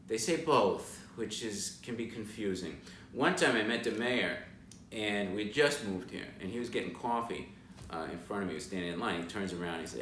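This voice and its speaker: A man hosting a casual talk to camera, an animated storyteller full of asides, recorded indoors in a large suite. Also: lowish voice, a little fast. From moved from Boston. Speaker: guest house owner and host. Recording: roomy and somewhat distant with background noise.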